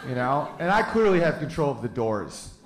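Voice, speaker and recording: A man's voice: mid-range voice, big pitch swings, normal speed, background noise. A man in his thirties doing stand-up comedy, crude and brash as he tells a story. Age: 30s. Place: live comedy venue. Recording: echoey live room, crowd laughter.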